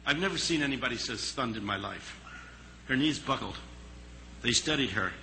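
A man telling a story in a sermon, earnest and dramatic, pausing for effect. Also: medium pitch, animated, sharp tone, slight background noise, low-quality recording.

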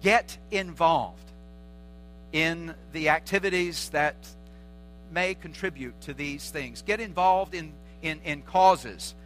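A man's voice: on the high side, slow pace, a bit bright, faint music behind, poor audio. A man preaching a sermon as a pastor, earnest, driving his points home with repeated short exhortations.

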